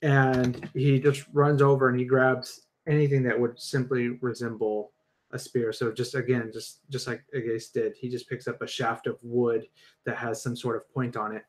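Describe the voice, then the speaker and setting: A man playing a tabletop game, narrating his turn hesitantly with many pauses and fillers. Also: mid-range voice, level tone. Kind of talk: casual tabletop play.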